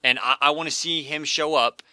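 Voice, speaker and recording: Male sports podcast host, rapid and opinionated, bright edge, dry close mic. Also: on the high side, fairly even intonation, dry recording. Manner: fast, opinionated, lots of fillers and restarts. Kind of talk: casual sports chat.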